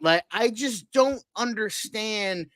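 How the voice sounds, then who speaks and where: A man's voice: high voice, slow pace, fairly bright tone, no room sound. A young man co-hosting a casual podcast, ranting with heavy profanity and exasperated sarcasm. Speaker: co-host.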